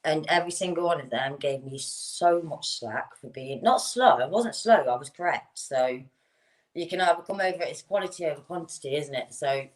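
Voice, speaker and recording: A woman's voice: low voice, normal speed. A woman who works as a bricklayer, a guest on a talk show, speaking bluntly and laughing as she tells stories. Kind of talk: casual chat.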